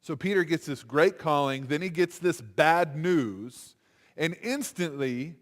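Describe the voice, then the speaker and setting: A man giving a chapel sermon in an animated, conversational way, acting out quotes as he goes. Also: a little high, measured pace. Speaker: chapel speaker. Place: university chapel. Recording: long hall reverb.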